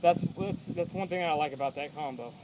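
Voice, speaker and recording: Man, boxing coach, high voice, out of breath, calls out punch numbers, outdoors, faint noise behind. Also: a little fast. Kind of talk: instructional demo of combos. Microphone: phone camera.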